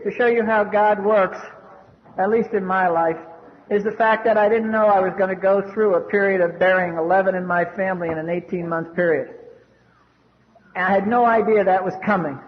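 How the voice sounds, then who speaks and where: A man's voice: high-pitched, a little hiss or hum. An older man from the US East Coast telling his recovery story at a meeting in a blunt, wry, salty way. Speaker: AA speaker. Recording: echoey hall, dull lo-fi.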